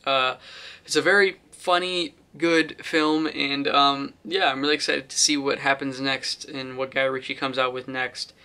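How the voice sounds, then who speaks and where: A young man talks through a film review in a loose, rambling way, full of fillers and restarts. His voice is bright and sits at a middle pitch. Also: little pitch movement, unhurried, clear, resonant tone. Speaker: movie reviewer. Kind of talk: casual vlog review.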